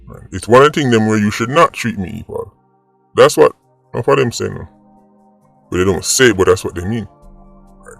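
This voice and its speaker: Low-voiced Jamaican man arguing his point. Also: expressive, fairly quick, gravelly, dry recording, faint music behind. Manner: argumentative, rhetorical "right?" asides. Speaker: vlog host. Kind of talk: opinion commentary.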